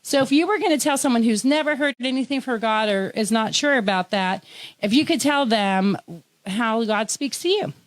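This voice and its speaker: A woman's voice: on the high side, moderate pace, no echo. Woman from tennessee hosting a chat show, talky and giggly, dry close sound. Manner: chatty, laughs often. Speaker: host. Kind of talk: casual interview chat.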